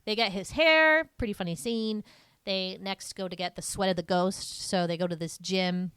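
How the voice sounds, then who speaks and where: A woman's voice: normal speed, a bit bright, clear, resonant tone, no room sound. A young woman co-hosting a podcast, recapping a film in rambling casual chat full of fillers. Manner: rambling, filler-heavy storytelling, many "like"s; acts out character lines in a higher voice. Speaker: podcast co-host.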